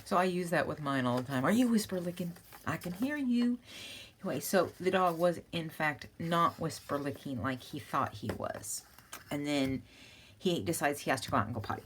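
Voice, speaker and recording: A woman's voice: low-pitched, normal speed, a bit bright, slight background noise. A woman hosting a crafting channel, chatting casually and rambling as she works, breaking into laughter at her own stories.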